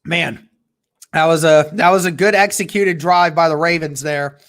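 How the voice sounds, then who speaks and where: Fan livestream host doing play by play, mid pitch, kinda halting and measured. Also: fairly even intonation, a bit bright. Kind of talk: casual livestream play-by-play commentary.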